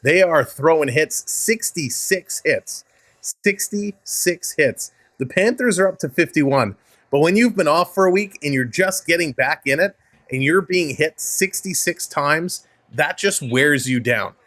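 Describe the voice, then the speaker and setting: A man's voice: fairly high pitch, animated, moderate pace, fairly bright tone, dry recording. Upbeat Canadian man calling hockey live. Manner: upbeat, chatty, thanks viewers by name and chuckles often. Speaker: live hockey stream host. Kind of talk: play-by-play commentary mixed with chat replies.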